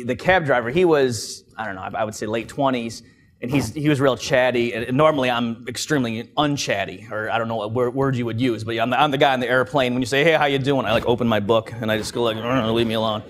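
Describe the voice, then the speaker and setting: Man, economist at a conference, casual lecture, dry jokes, chatty delivery. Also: medium pitch. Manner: wry, joking, conversational. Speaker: economist giving a conference talk. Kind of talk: informal lecture to a live audience. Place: conference room.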